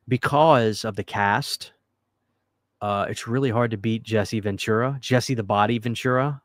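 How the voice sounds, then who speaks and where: A man's voice: mid-range voice, moderate pace, dry recording, clean studio sound. Rambling late-night livestream host, man. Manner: rambling, earnest, thanks viewers often. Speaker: livestream host reading viewer comments. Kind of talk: casual late-night live chat. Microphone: studio microphone.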